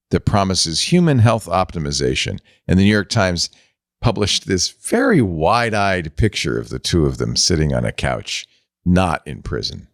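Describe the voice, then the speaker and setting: A man's voice: rumbling low, vocal fry, no room sound, studio quality. A man hosting a casual tech panel chat, wry and chatty with loose fillers. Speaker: host.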